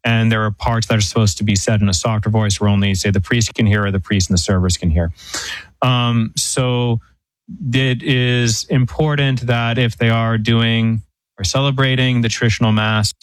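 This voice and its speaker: A priest on a radio call-in show, explaining church rules in a measured way with frequent pauses and fillers. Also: male voice, on the low side, steady tone, no room sound, rough recording. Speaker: priest answering questions.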